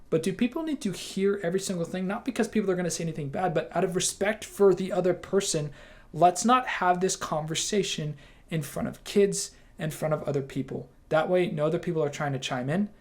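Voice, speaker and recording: A young man gives a training talk to his team in a casual, emphatic way, breaking now and then into quick quoted lines. His voice sits a little higher than most men's. The delivery is loose and conversational rather than scripted.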